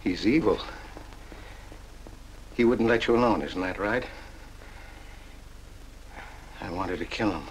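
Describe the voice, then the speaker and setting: A man's voice: on the low side, a little hiss or hum, natural voice, rough recording. An actor as a meek, pleading older man in a 1940s noir. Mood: hurt. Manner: gentle, halting, pleading. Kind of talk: 1940s film acting.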